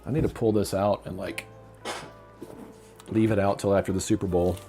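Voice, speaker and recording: A man's voice: low voice, little pitch movement, normal speed. Chatty sentimental man hosting a stream. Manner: chatty, reads viewer comments aloud and answers them; openly sentimental. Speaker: live stream host. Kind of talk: casual live-stream chat. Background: faint lo-fi music.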